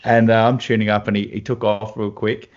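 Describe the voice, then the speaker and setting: Australian guitarist, man, low gritty voice, anecdotal, lo-fi audio. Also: a little fast. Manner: animated anecdotes with laughs. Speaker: guest guitarist. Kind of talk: casual storytelling chat. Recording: dull lo-fi sound.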